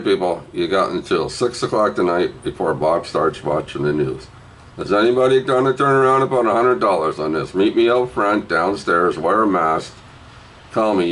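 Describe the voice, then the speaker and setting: Brief: deep-voiced man, rambling joker selling a comic at home, faint hiss behind. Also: poor audio. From Canada. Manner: jokey, rambling, swings from low mutters to loud hype. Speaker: vlogger auctioning a comic book. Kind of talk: rambling casual sales pitch.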